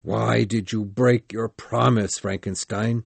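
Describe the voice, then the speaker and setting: A man voicing a bitter, vengeful male monster in a storybook reading, speaking slowly and loudly in a dry recording. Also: mid-range voice, gravelly, dry recording. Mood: accusing.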